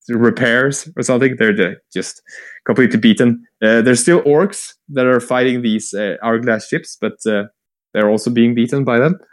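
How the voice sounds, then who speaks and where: Rambling man retelling a story. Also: medium pitch. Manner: rambling, animated retelling with swearing and quick acted-out quotes. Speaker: podcast co-host retelling lore. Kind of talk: casual chat.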